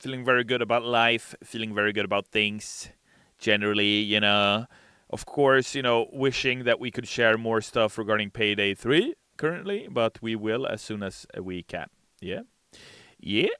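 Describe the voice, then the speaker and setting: A man streaming casually, sounding a little sleepy and hesitant as he fills pauses with "uh". His voice is smooth and bright, and fairly low. The sound is close and dry, with no room in it. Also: no echo. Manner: reads chat messages aloud in a brighter, louder voice; relaxed, hesitant with frequent uh fillers. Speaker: game developer streamer reading chat. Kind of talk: casual live-stream chat.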